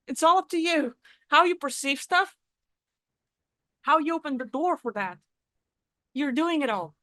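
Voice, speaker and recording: A woman's voice: sits high, unhurried, long pauses, pushed and bright, dry recording. A woman giving a casual, blunt spoken talk on spiritual practice, swearing freely as she explains. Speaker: spiritual vlogger. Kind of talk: casual teaching monologue.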